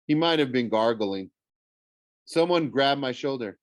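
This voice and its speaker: A man's voice: mid-range voice, expressive, measured pace, no echo. Man casually reading a novel aloud. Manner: casual, stumbles and corrects himself. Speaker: audiobook reader. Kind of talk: first-person novel reading.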